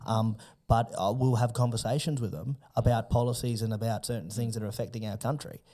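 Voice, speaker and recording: A man's voice: mid-range voice, fairly even intonation, a little fast, dark tone. An outspoken man talking as a podcast guest, blunt and swearing freely in casual conversation. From Australia.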